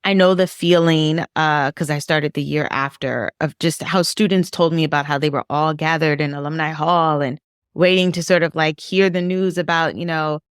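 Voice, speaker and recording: A middle-aged woman professor speaks earnestly in a podcast discussion, her low voice halting and restarting as emotion rises. The sound is dry and close. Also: steady tone, clean tone, no echo. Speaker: professor and author.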